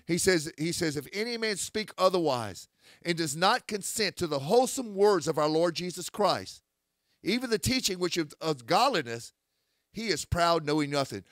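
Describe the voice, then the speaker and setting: Lively, forceful man preaching. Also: a little high, moderate pace, no echo, clean studio sound. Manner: forceful, scripture-quoting, rising to shouts. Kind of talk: critical sermon.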